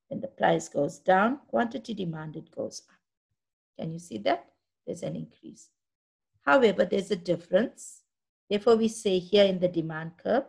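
A woman teaching a lesson with a gravelly, slightly husky voice. She explains each step patiently and keeps asking the class whether they can see it. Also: medium pitch. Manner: patient, checks understanding often.

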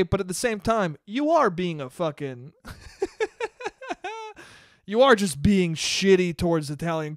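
High, lively man ranting on a podcast. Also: dry recording, clean studio sound. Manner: laughs often, swears freely, animated. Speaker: podcast host. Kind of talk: casual solo podcast rant.

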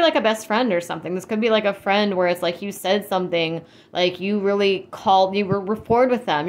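Woman reader with a lower voice, chatty and rambling, reassuring her viewers. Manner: rambling, heavy use of "like" and "you know"; reassuring, speaks directly to viewers. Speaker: tarot and spirit-guide reader. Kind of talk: casual spiritual reading to camera.

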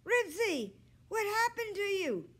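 A woman voicing an eager young boy who pleads and shouts for his lost dog. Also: sits high, big pitch swings, slow pace, voice pushed up, exaggerated voice. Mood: excited shouting.

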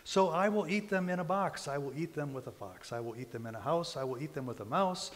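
A man's voice: on the high side, lively intonation, a little fast, big-room sound, natural voice. A man reading aloud as a stubborn, grumpy character who refuses to try a strange dish, in a sing-song rhyming recitation. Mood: delighted.

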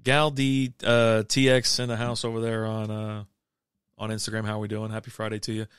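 A man's voice: on the low side, completely flat delivery, normal speed, a bit bright, smooth, dry recording, studio quality. A middle-aged man hosting a casual beer livestream, chatting loosely and reading comments aloud, full of fillers and restarts. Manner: rambling, laid-back, lots of fillers and restarts. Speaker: livestream beer show host.

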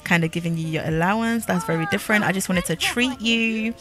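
A woman's voice: mid-range voice, fairly quick, music in the background, lightly acted. A young woman voicing a rich man's lines in a life-sim game, easygoing and reassuring in her own voice. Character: rich older boyfriend, calm and generous.

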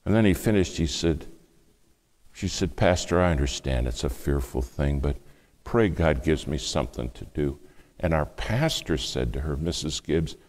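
Deep-voiced guy preaching, drops to a whisper then gets loud, acts out the story. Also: animated, normal speed. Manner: dramatic storytelling, acts out quoted speech, shifts between hushed and loud. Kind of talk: sermon storytelling.

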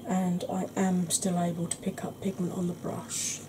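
A woman explaining her makeup steps in a soft, chatty ASMR tutorial, often clearing her throat. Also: lowish voice, completely flat delivery, moderate pace, noisy background. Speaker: beauty vlogger.

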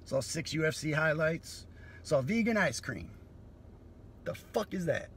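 A man doing a profane, sardonic comedy monologue that breaks into sudden loud bursts. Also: fairly high pitch, lively intonation, a little slow, vocal fry, slight background noise.

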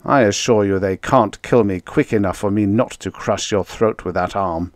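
A man's voice: on the low side, moderate pace, dry recording, studio quality, natural voice. A man voicing a defiant, one-armed former cop in an audiobook. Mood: steely. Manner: defiant, then strained. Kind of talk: audiobook character voice.

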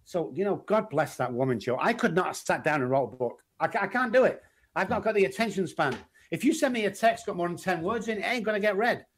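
A man's voice: sits high, quick pace. A middle-aged man with a Manchester accent, telling stories as an interview guest and acting out the people he quotes. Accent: Manchester English. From England. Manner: animated storyteller, acts out quoted voices. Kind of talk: casual interview chat.

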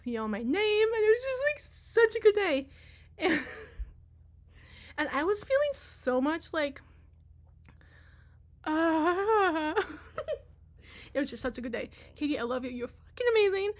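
A young woman chatting casually in a vlog, bubbly and giggly, rambling, a little out of breath. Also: high-pitched. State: out of breath from dancing. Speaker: vlogger and teacher. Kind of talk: casual chat.

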